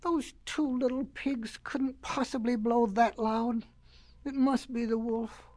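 A woman's voice: fairly high pitch, fairly even intonation, slow, darkish tone, dry recording. A woman doing a mumbling, practical pig brother. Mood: muttering. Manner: mumbling to himself. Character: practical, grumbling grown pig brother, male. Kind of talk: storybook reading.

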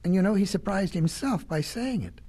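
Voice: mid-range voice, animated, fairly quick, dark tone, breathy edge. A storyteller reading a children's animal tale in a folksy way, with chatty asides to the listener.

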